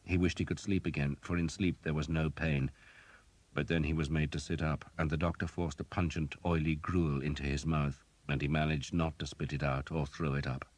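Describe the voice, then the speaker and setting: A man narrating an audiobook in a measured, even storytelling manner. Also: extremely low pitch, no echo. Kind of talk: scripted narration.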